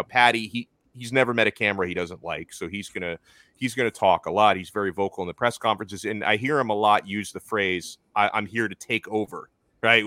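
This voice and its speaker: A man's voice: medium pitch, sharp tone, dry recording. A man hosting a sports talk show, chatting loosely with lots of restarts. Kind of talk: casual sports chat.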